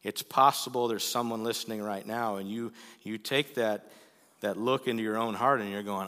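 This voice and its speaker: A man preaching a sermon as the pastor, earnest and pleading, sometimes pushing to loud emphasis. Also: fairly low pitch, steady tone, normal speed, long reverb tail. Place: church sanctuary.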